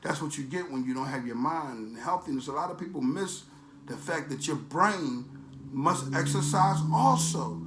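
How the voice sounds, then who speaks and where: A man's voice: a little high, expressive, normal speed, heavy background noise. Emphatic streetwise man preaching in an echoey room. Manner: emphatic, streetwise, repetitive phrasing. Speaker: vlogger promoting a supplement. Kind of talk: preachy motivational rant.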